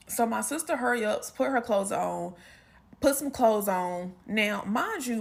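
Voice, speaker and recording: Brief: woman storyteller, lively pitch, chatty asides, fairly high voice. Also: vocal fry. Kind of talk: casual storytime.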